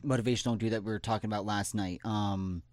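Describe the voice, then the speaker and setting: A man's voice: on the low side, fairly even intonation, fast, darkish tone, no echo. Profane laid-back young man, dry sound. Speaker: podcast co-host. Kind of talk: casual chat.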